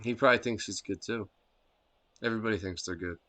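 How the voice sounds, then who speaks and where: A man's voice: on the low side, fast, fairly bright tone. A man streaming a video game live, ranting casually and swearing a lot in a scornful tone.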